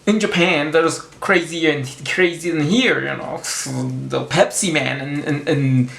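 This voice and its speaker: A man's voice: a little high, fairly even intonation, vocal fry, fairly bright tone. Rambling man in an echoey room. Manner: halting, rambling with many restarts. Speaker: vlogger. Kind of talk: rambling comedic monologue.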